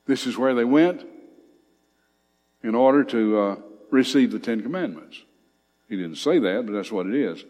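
A man's voice: on the low side, lively intonation, measured pace, long pauses, a little mellow, in a large hall. A man teaching a Bible study, reading scripture aloud and commenting on it with emphatic rising lines.

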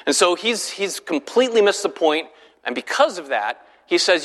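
A man's voice: sits high, sing-song, normal speed, a bit bright. A man teaching a Bible class in a conversational way, often putting questions to his listeners. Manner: conversational, keeps asking the class rhetorical questions. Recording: long hall reverb.

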